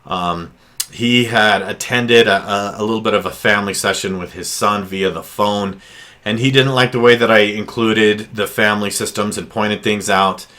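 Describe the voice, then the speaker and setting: Low-voiced man giving casual counseling advice. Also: steady tone, moderate pace, pushed and bright. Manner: talks with many fillers and restarts.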